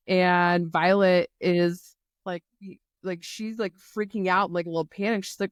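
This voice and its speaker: A woman's voice: mid-range voice, moderate pace, few pauses, clean tone, no room sound, clean studio sound. A woman co-hosting a podcast, retelling a book's plot in casual chat and acting out the characters' lines. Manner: animated retelling with voiced quotes. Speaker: podcast co-host.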